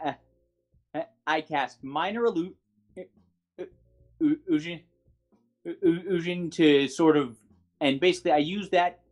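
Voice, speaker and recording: A man playing a tabletop game, speaking haltingly with many restarts. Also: fairly high pitch. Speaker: player.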